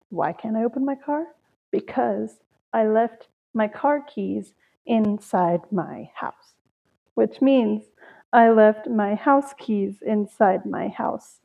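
A woman's voice: medium pitch, vocal fry. A young woman hosting a solo podcast, chatting casually and telling stories about her day with sighs and laughs. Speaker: podcast host. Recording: tinny phone-like audio.

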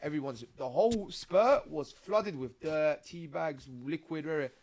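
A man, a podcast guest telling his stories in casual street slang, often tagging lines with "bro" and "yeah" and getting animated. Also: fairly high pitch, unhurried, no echo. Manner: animated, rising when excited. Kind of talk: casual interview storytelling.

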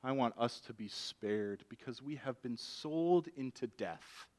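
A man's voice: medium pitch, lively intonation, a little slow, a little mellow, lightly acted. A man voicing a young queen pleading earnestly for her life and her people. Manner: impassioned, begging.

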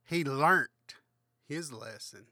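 A slightly drunk man reads a children's book aloud and breaks off into crude, swearing asides. He speaks slowly in a fairly high, bright voice. The recording is close and dry. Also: dry recording. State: a little drunk. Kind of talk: comedic book reading with commentary.

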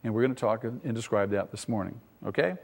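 A man's voice: fairly low pitch, a little fast, vocal fry, in a large hall. A man preaching a teaching sermon, asking the congregation questions and rising in emphasis. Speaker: pastor.

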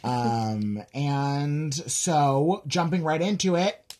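A man's voice: fairly high pitch, very slow, darkish tone. An American man co-hosting a podcast, chatting casually and rambling with lots of "like" and restarts. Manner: rambling, full of "like" and trailing restarts. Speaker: podcast co-host. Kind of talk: casual chat.

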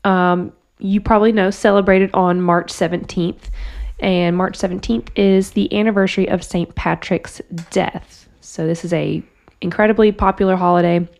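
A woman's voice: medium pitch, steady tone, normal speed, a little mellow. A woman co-hosting a podcast in casual chat, chatty and good-humored as she leads the topic. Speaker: podcast co-host.

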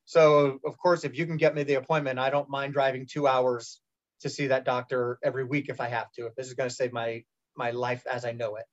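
A man's voice: mid-range voice, little pitch movement, a little fast. A middle-aged man candidly telling a personal story in a casual interview, rambling with restarts and acted-out quotes. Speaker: guest telling his cancer story. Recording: muffled lo-fi sound.

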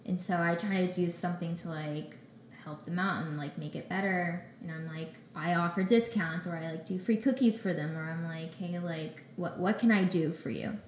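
Animated young woman in an echoey room. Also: fairly low pitch, normal speed, slight background noise. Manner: animated, acts out her own quotes. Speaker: guest, baker and business owner. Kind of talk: casual storytelling interview. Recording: echoey room with faint ambience.

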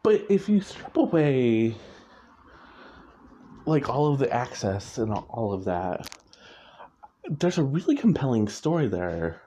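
In a muffled, lo-fi recording, a male author chats casually and rambles about his writing, often correcting himself and chuckling. His mid-range voice is dark in tone and swings widely in pitch, and he speaks slowly with long pauses.

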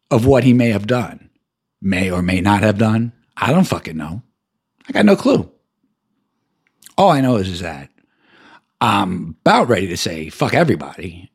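A middle-aged man hosting a podcast, ranting heatedly and profanely, stumbling and repeating himself as he swings between loud outbursts and low mutters. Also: husky. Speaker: podcast host. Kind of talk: angry personal rant.

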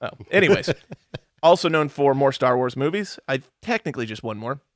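A man's voice: medium pitch, lively intonation, fairly quick, no room sound, studio quality. A man co-hosting a casual movie review chat, running through cast lists and joking around. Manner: reads cast lists, sings and does silly voices. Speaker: podcast co-host.

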